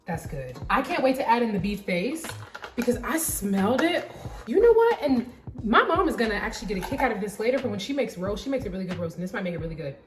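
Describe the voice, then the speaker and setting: A woman's voice: medium pitch, sing-song, fast. Chatty young woman in an echoey kitchen. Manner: rambling, candid, lots of "like" fillers. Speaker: cooking vlogger. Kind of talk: casual chat while cooking. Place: home kitchen.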